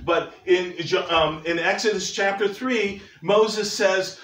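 An older man preaches to his congregation, folksy and earnest, slipping in joking asides. His voice sits a little high and rings through a roomy church sanctuary. The mic is some distance away, with faint room noise behind him. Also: fairly even intonation, slow pace, hardly any pauses. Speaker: pastor. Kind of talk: sermon. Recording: echoey church from far off.

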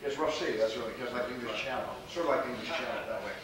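A man's voice: mid-range voice, fast talker. Rambling man lecturing in an echoey hall. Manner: digressive, repeats words, many fillers. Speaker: martial arts instructor. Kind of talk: rambling lecture with audience questions. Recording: distant, very echoey, noisy hall.

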